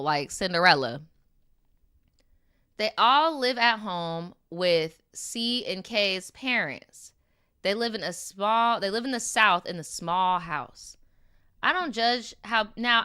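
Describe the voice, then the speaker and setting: Bright, smooth-voiced woman streamer. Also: mid-range voice. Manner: animated, slangy, quick reactions with laughs. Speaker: streamer reading viewer stories. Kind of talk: casual chat and story reading. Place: lives in New York.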